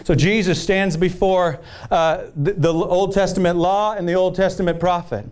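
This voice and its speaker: A man's voice: high-pitched, fairly even intonation, moderate pace, a little mellow. A male pastor preaching a sermon to a church congregation, calling out for "amen" and retelling scripture as a story with frequent restarts. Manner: call-and-response preaching, keeps asking the congregation "amen?". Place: church service.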